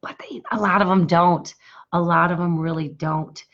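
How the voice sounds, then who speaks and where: Hoarse low-voiced woman coach, lo-fi stream. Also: fairly even intonation, normal speed, fairly bright tone. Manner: enthusiastic, repetitive, pitching a workshop. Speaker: business coach. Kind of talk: live stream talk to viewers.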